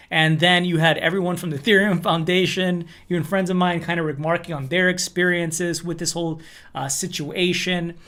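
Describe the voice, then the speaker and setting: A man's voice: a little high, fairly bright tone. A man hosting a crypto news show, reading a first-person account aloud and then commenting loosely with fillers and restarts.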